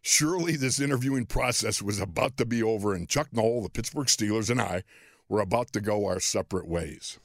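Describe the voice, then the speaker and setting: A man in his sixties from Western New York, a podcast host and former football player telling a story in an animated, self-deprecating way, often chuckling. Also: on the low side, a little fast, no room sound, studio quality. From Western New York, USA. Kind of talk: storytelling monologue.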